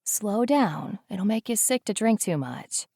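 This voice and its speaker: A woman's voice: mid-range voice, moderate pace, vocal fry, darkish tone, no echo, studio quality, voice pushed up, natural voice. A woman voicing a soothing, motherly woman in an audiobook.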